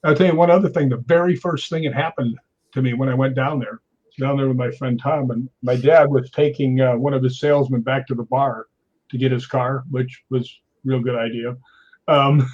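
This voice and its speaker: A man, a guest on a chat show, telling an animated story and tagging his sentences with "right?". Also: medium pitch, moderate pace, lo-fi sound.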